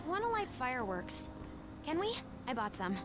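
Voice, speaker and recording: An excitable teenage hacker girl in a video game, very high and bouncing all over the place. She sounds eager, and she is heard quietly over game music. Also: normal speed. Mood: excited.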